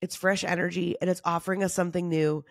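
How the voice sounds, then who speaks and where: Her lowish voice comes out fast and flat, with vocal fry, in a clean studio recording with no room sound. Hosting solo, she stays candid and confessional, tired, laughing casually and swearing occasionally.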